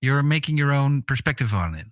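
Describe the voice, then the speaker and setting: A man's voice: medium pitch, expressive, a little fast, a bit bright, a little hiss or hum. Hesitant, teasing podcast co-host man. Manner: teasing, hesitant with many fillers. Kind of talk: casual podcast conversation.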